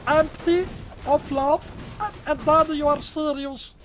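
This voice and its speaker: Weird squeaky voice, high-pitched, slow, broken English, game chat headset. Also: male voice, fairly even intonation, fairly bright tone, full character voice. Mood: pleading. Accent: Italian. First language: Italian. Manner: broken English, repeats words, begs not to laugh. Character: man with strange squeaky high voice, pleading and earnest. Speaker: gaming YouTuber. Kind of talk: prank voice in online game chat.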